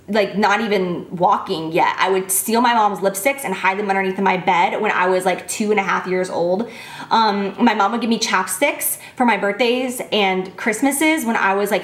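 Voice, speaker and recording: A woman's voice: medium pitch, normal speed, roomy sound. A woman in her twenties chatting casually and gushing as she answers fan questions, filling her talk with "like". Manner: gushing, bubbly, heavy use of "like". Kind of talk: casual chat.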